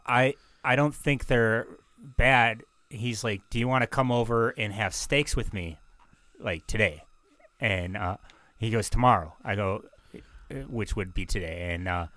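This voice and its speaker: A man's voice: medium pitch, a bit bright, dry recording. A man co-hosting a podcast, telling rambling stories in casual chat and swearing often. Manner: profane, rambling storyteller. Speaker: podcast co-host.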